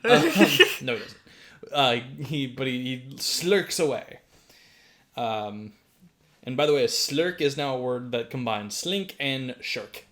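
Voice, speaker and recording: A man's voice: medium pitch, big pitch swings, measured pace, a bit bright. A man hosting a podcast, recapping a film in a rambling, laughing, swear-heavy casual chat. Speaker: podcast host.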